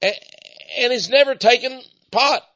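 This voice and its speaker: A man's voice: extremely high pitch, unhurried, sharp tone, no echo. An older man with an East Texas accent, preaching in a folksy sermon style and often repeating his words. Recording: slightly dull lo-fi recording.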